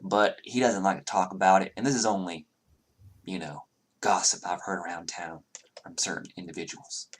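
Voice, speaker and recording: A man's voice: deep voice, fairly even intonation, normal speed, slight background noise, natural voice. A man voicing an unnervingly polite male tavern keeper who shares gossip with hesitant fillers.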